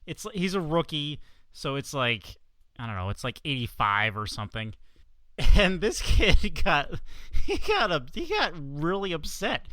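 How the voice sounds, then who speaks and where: Podcast co-host, slow and amused, lively pitch, smooth bright voice, dry sound. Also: no echo. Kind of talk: casual sports chat.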